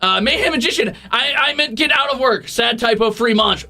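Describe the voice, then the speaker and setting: Lively, bright-voiced male streamer, teasing. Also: high-pitched, normal speed, faint music behind. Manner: profane, teasing, mock-grumpy banter. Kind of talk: casual livestream chat, reading donations.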